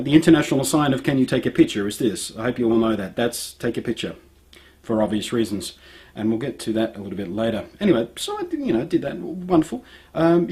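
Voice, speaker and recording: A man's voice: mid-range voice, darkish tone. A young Australian man with an Australian accent, ranting sarcastically in a vlog monologue. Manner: sarcastic, mocking. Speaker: vlogger.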